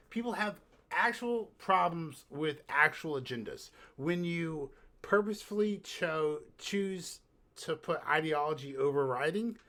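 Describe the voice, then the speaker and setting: A man co-hosting a podcast in casual chat, ranting in an animated, profane way and sometimes breaking into shouts. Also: fairly high pitch. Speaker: podcast co-host.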